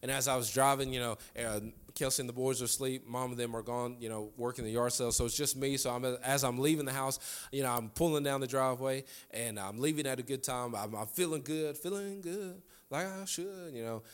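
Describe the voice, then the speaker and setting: Earnest pastor preaching a sermon. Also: male voice, mid-range voice, a little fast, clear, resonant tone. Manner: earnest, repeats key lines for emphasis. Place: church sanctuary.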